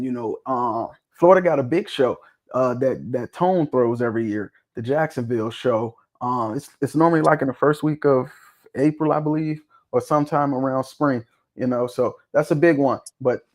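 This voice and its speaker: A man with a mid-range, slightly mellow voice hosts a livestream, chatting casually in a loose, joking way. He swears freely and laughs often.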